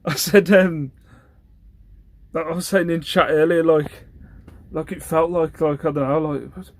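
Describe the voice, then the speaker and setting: A man's voice: on the high side, measured pace, no room sound. Rambling British man telling a story. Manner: animated, rambling, often asks "you know what I mean". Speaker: host, online reseller. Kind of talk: casual storytelling chat.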